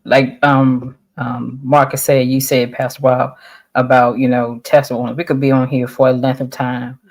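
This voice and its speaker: A speaker on a church discussion panel, earnest and measured, with frequent filler words. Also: medium pitch, little pitch movement.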